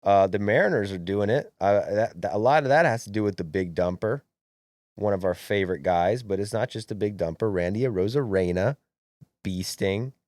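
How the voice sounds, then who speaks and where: A young man riffs on sports with brash, swearing hype on a podcast. His voice sits low. The sound is dry and close. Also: moderate pace, a little mellow, dry recording. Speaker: podcast co-host. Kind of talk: casual sports chat.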